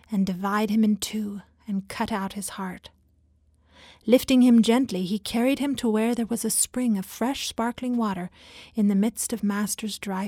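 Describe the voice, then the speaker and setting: Woman reading a fairy tale slow and soft, kinda breathy half whisper, very dry close sound. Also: medium pitch, dry recording. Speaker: storyteller. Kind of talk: scripted narration.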